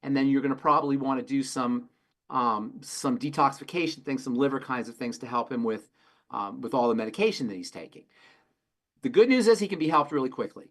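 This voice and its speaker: A man, a pharmacist on a health show, answering questions in an emphatic, rapid-fire way and repeating his key phrases. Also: medium pitch, fairly bright tone. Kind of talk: call-in health talk.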